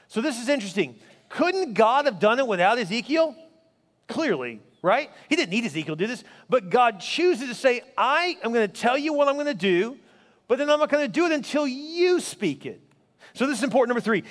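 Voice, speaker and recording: Middle-aged man, pastor, high and fast delivery, animated sermon storyteller, long church-hall reverb. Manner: animated storytelling, acts out quoted voices. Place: church sanctuary.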